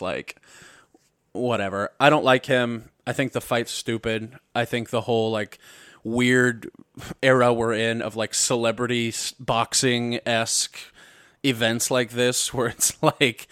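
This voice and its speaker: A man's voice: mid-range voice, fairly bright tone, clear, resonant tone, no room sound, clean studio sound. A young man from Missouri hosting a podcast, ranting in a casual, profane, rambling way that keeps cutting itself off with jokes. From Missouri, USA. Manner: profane, rambling, self-interrupting, jokey. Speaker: podcast host. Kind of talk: casual comedic rant. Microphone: podcast mic.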